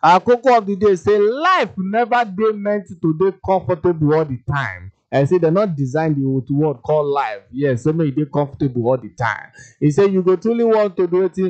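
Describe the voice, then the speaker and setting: Jokey Nigerian Pidgin radio host. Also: male voice, fairly high pitch, normal speed. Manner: lively, jokey, reads listener messages aloud. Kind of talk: radio phone-in chat. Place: radio studio. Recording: dull lo-fi radio broadcast.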